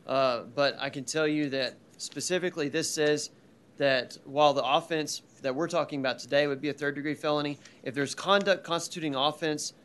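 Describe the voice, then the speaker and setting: A man presenting a bill at a legislative hearing, explaining legal details in a brisk, legalistic way. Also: fairly high pitch, fairly even intonation, fairly bright tone, a little hiss or hum. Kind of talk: formal legislative testimony.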